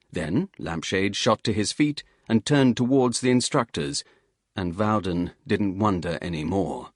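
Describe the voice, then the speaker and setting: A man narrating an audiobook thriller in a measured, steady reading. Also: on the low side, dry recording, clean studio sound. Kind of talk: scripted narration.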